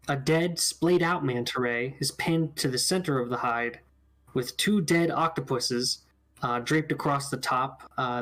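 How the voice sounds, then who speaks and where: A man with a gravelly, creaky voice narrates a tabletop game as game master. He talks in a relaxed, halting way, full of ums and restarts. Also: medium pitch.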